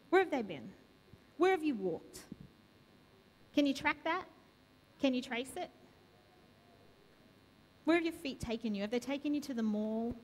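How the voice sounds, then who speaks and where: Woman preaching in church, high voice, lots of questions back to back, hall echo trailing off. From Australia. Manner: asks the congregation many repeated questions. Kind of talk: sermon. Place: church sanctuary. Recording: long reverb of a church hall.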